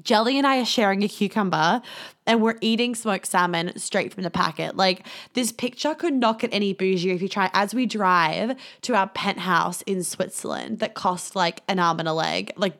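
A woman's voice: medium pitch, normal speed, fairly bright tone. A woman, hosting a podcast, telling a story in a chatty way, swearing freely and laughing along. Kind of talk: casual storytelling monologue.

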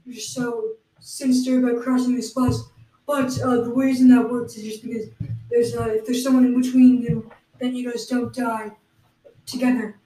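A woman co-hosting an improvised comedy podcast, giving halting, matter-of-fact explanations. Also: fairly high pitch, flat delivery, dark tone. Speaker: podcast co-host. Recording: roomy, distant mic.

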